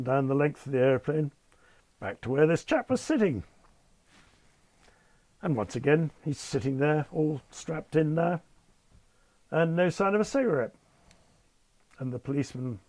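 An older man who was once an airline captain tells anecdotes in conversation, with dry understatement, acting out the people he quotes. His voice is medium-pitched with a darkish tone, and there's no room sound.

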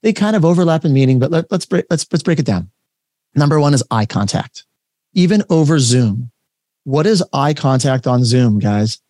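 A man coaching a workshop over a video call, talking in an energetic, conversational and emphatic way. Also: medium pitch, moderate pace, no echo, clean studio sound. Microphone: webcam setup, facing camera.

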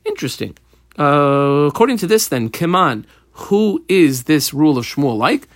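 Male Talmud teacher, animated and high-pitched, casual English with Aramaic phrases, dry sound. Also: a little slow, no echo. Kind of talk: Talmud lesson.

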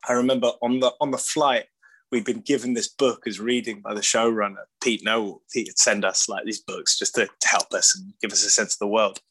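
A man's voice: on the low side, steady tone, brisk, fairly bright tone, husky, rough recording. An English man being interviewed as an actor, talking in a rambling, casual way with lots of "like", restarts and laughter. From Britain. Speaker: actor guest.

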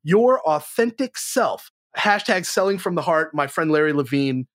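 Energetic, blunt man with a dry, close sound. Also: moderate pace, no room sound. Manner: energetic and blunt, swears freely, jumps high in pitch for emphasis. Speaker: sales trainer, podcast guest. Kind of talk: casual interview chat.

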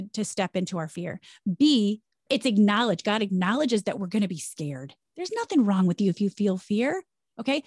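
A middle-aged woman, a former broadcaster, talking about faith and career change in an energetic, emphatic way. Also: mid-range voice, no room sound, studio quality. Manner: energetic, emphatic, preachy storytelling. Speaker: podcast guest, former broadcaster. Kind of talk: conversational faith-based interview.

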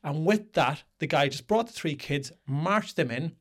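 A man with a fairly high voice, co-hosting a casual podcast. He tells stories in a lively way and acts out each person in them. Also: a little slow. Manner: lively storyteller, acts out the people in his story. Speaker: podcast co-host. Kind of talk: casual podcast chat, telling an anecdote.

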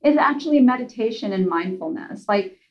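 A woman calmly explaining coping techniques in a casual advice chat, enthusiastic and explanatory. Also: a little high, brisk, dull audio. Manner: enthusiastic, explanatory, addresses host by name. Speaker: guest expert.

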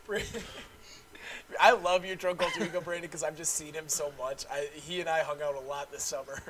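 A young man hosting a casual chat, loudly telling stories with lots of laughing and swearing. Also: on the high side, fairly even intonation, fairly quick, background noise. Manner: loud, laughing storyteller, swears freely.

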